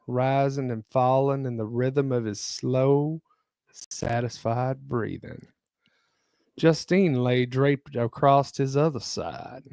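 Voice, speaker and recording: Slow, deliberate male story reader. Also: medium pitch, a little mellow, clear, resonant tone, no echo. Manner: deliberate reader who breaks off to joke. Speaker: podcast host reading a romance story aloud. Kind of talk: reading spicy fiction aloud with joking asides.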